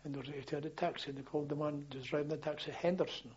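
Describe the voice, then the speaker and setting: An older man telling wartime memories as a former policeman, in a halting, rambling way full of restarts and chuckles. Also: on the high side, steady tone, a little mellow, husky, dull audio. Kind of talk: oral history storytelling.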